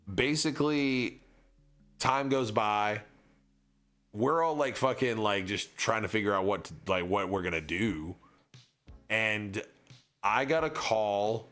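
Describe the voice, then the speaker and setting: A young man tells a story on his stream, circling through fillers and quoting both sides of old conversations. His voice sits a little low but comes across bright and forceful. Soft music plays faintly underneath. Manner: rambling, heavy on fillers and reenacted dialogue.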